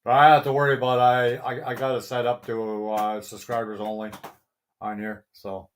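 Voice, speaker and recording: A man's voice: mid-range voice, flat delivery, moderate pace. A middle-aged man hosting a casual live stream, greeting viewers by name, chuckling often and swearing mildly. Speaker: livestream host.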